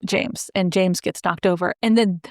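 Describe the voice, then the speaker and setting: A woman's voice: on the low side, normal speed, no room sound. Woman co-host recapping a show, dry mic. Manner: animated storytelling with many "like" fillers. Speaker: podcast co-host. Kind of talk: casual chat recapping a TV show.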